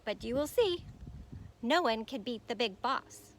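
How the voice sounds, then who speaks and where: A tiny, cocky frog, put on by a woman reading aloud brags in a squeaky, jumping voice that climbs high. He talks like the big boss of a storybook forest, with a faint hiss behind him. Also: expressive, measured pace. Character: tiny boastful male frog, cheeky trickster.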